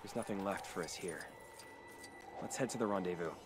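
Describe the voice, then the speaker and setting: A man's voice: low voice, fairly quick, noisy background, natural voice. A man playing an earnest young hero. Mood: determined. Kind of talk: video game cutscene voice acting.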